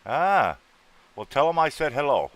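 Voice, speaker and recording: On his casual stream, the host chats with viewers by name and jokes around, sounding a little tired after an earlier show. His voice sits on the high side and is very animated, though he talks a little slowly, and there's no echo.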